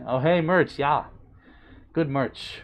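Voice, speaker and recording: A playful man talks casually on a live stream and reads chat messages aloud. His voice is doting and bubbly, with sudden high swoops on greetings and names. It is relaxed, easygoing streamer chatter, close to a desk microphone. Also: very slow. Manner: playful, doting, bubbly, with big pitch swings. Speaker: livestreamer reading chat.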